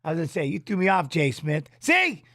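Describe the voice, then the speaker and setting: A man's voice: a little high, quick pace, no echo, clean studio sound. A middle-aged man hosting a casual livestream from his home office, chatting loosely while watching fights. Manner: rambling, loose, drops filler tags. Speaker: streaming host and former fighter.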